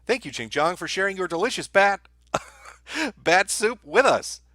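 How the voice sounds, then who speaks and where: A man's voice: sits high, very animated, unhurried, sharp tone, dry recording. Sardonic, profane male streamer. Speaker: live-stream host. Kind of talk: live stream reading out and answering viewer messages.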